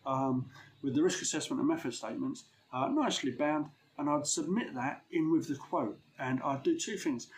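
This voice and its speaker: A man's voice: a little high, a little hiss or hum. A man who runs a window cleaning business, giving blunt, slangy advice in a casual vlog.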